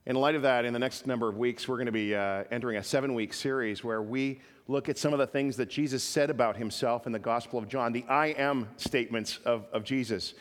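A man's voice: medium pitch, fairly quick, few pauses. A male pastor preaching a sermon in a conversational style with joking asides. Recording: reverberant church hall.

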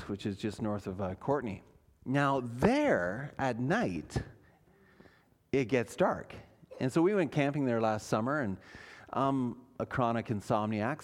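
Conversational preacher, fairly high voice. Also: male voice. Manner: conversational, with fillers and dramatic pauses. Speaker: pastor. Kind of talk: sermon.

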